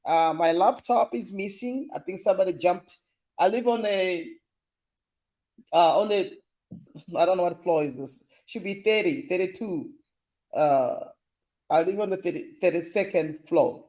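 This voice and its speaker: A man's voice: sits high, a little slow, long pauses, darkish tone. A young man hosting a casual live stream, reading viewer comments in a playful, teasing way and laughing often.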